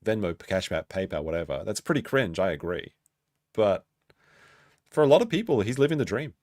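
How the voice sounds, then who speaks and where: A man's voice: lowish voice, sing-song, brisk, a little mellow, dry recording, clean studio sound. A man hosting a stream and reacting to a clip, blunt and swearing freely in long asides. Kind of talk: casual reaction commentary.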